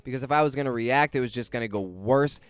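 Smooth, dry-voiced young man telling a story. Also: medium pitch, quick pace, no echo. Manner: animated, swears freely, laughs through the story. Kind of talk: casual first-person storytelling.

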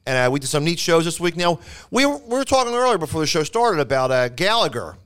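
Podcast guy in a studio, clear smooth voice, rambly easygoing chat. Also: a little high, big pitch swings, fast talker, a bit bright. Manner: rambling, many restarts and fillers. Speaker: podcast co-host. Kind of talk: casual chat.

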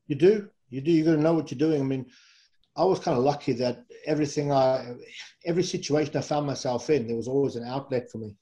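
A middle-aged man from England with a warm, mellow voice spins loose, rambling stories as an interview guest. He wanders through fillers and self-corrections in an easygoing, conversational way. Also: mid-range voice, quick pace, rough recording. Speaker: guest, former rugby player. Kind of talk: casual anecdotal storytelling.

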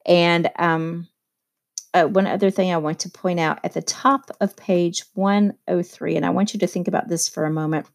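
A woman's voice: on the low side, creaky, a little mellow. A woman teacher explaining a novel in a casual, conversational way, with many fillers and asides. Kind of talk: casual literature lesson.

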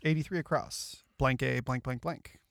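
A man with a mid-range, gravelly voice throws out quick, offhand guesses while solving a crossword in casual chat. The sound is dry and close. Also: mid-range voice, fairly even intonation, no room sound. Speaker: crossword solver.

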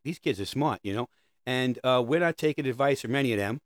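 A man's voice: mid-range voice, fast, no room sound, studio quality. A middle-aged man delivering a rambling, sarcastic comedic monologue about parenting. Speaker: comedic host.

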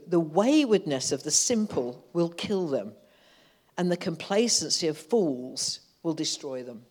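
A woman with a deep, darkish voice preaches a sermon in church. She moves from conversational teaching into impassioned, fervent calls, rising to fervent outbursts.

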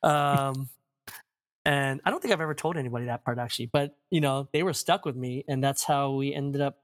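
A man in his forties, a pastor being interviewed, telling a story in a casual, animated way, acting out what people said and laughing often. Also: mid-range voice, a little fast. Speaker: pastor, guest.

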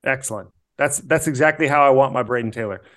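Jokey podcast co-host, middle voice. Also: male voice, medium pitch, quick pace, a bit bright. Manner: jokey, laughs often. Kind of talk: casual podcast interview.

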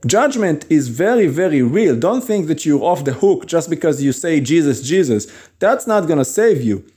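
A man preaching an earnest, emphatic sermon, breaking into quick chuckles and acting out quoted voices. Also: fairly high pitch, big pitch swings, warm tone. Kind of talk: podcast sermon.

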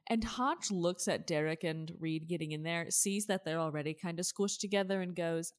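Woman w a lowish voice, casual podcast chat, jokey and swears a lot, teases her cohost. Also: moderate pace, hardly any pauses. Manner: joking, profane, playful teasing. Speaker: podcast co-host.

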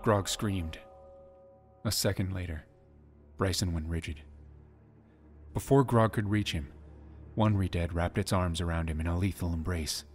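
A man's voice: deep voice, unhurried, pauses often, a little mellow, husky, soft background music. A man giving a dramatic scripted narration of an audiobook. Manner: dramatic storytelling.

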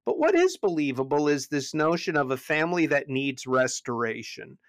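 A pastor chatting casually on a podcast about a movie, animated, often restarting and repeating words as he goes. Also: normal speed, no room sound. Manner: animated, jumps high when retelling scenes.

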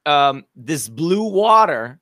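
A middle-aged woman telling a funny story in casual chat, animated and rising to shouts at the big moments. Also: low voice, takes it slowly, no echo, studio quality. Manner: animated, builds to shouting peaks at the punchlines.

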